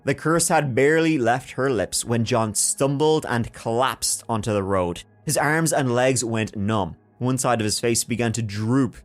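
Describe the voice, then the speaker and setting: A man hosting a storytelling podcast, talking casually, jokey and animated, with casual swearing. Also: medium pitch, measured pace, hardly any pauses, soft background music. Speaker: podcast host.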